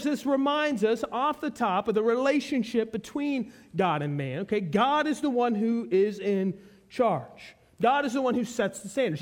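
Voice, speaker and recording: Man, very high pitch, expository sermon, emphatic, repeats key points. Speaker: preacher.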